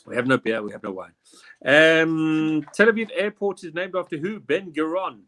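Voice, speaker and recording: A man with a slightly higher voice hosts a laid-back quiz show. He reads out the questions and then wanders into cheeky, joking tangents, swearing casually and laughing along. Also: moderate pace, fairly bright tone. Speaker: quiz host. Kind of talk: casual quiz hosting with banter.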